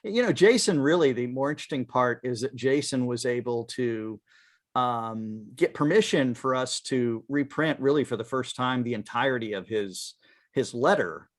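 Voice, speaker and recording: A man with an ordinary, mid-range voice joins a podcast chat as a co-author, feeling his way through each sentence with "you know" and small pauses. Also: mid-range voice, expressive. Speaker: book co-author and guest. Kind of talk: casual podcast conversation.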